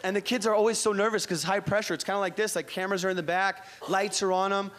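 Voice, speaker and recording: A man from Iran doing live stand-up comedy as host, energetic, profane and teasing the crowd. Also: high-pitched, fast talker. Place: comedy club stage. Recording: noisy club with crowd laughter.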